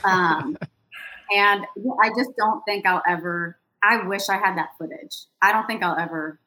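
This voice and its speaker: A woman telling a lively, self-deprecating story in a casual podcast chat. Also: mid-range voice, measured pace, a little hiss or hum, low-quality recording. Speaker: sideline reporter guest.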